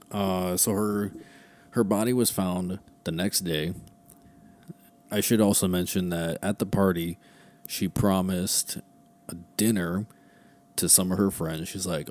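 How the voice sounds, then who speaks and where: A man's voice: deep voice, steady tone, slow, pauses often, a little mellow. A man hosting a true crime podcast in casual, rambling chat, swearing freely and drifting into asides, recorded at home. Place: at home, room with a heater.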